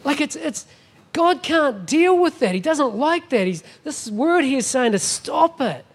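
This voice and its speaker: A man's voice: very high-pitched, very animated, unhurried. A middle-aged man preaching a sermon as a guest pastor, emphatic and often asking the congregation "Amen?".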